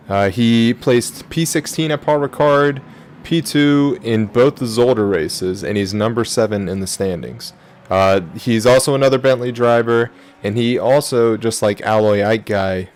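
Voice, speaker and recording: A man's voice: fairly low pitch, a little hiss or hum. A man with an Australian accent doing casual, joking commentary on an online racing stream. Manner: playful, jokey banter.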